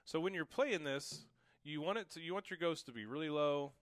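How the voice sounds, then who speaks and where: A man's voice: fairly high pitch, a little fast, fairly bright tone, no room sound. A young man giving a casual, encouraging drum lesson, explaining each pattern and counting it aloud. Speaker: drum teacher. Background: drum kit.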